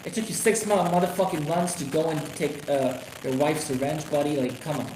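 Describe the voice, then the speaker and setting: A man ranting on a casual live stream about wrestling, swearing constantly and rambling with sudden excited outbursts. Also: on the high side, a little fast, few pauses. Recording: echoey room with noisy background.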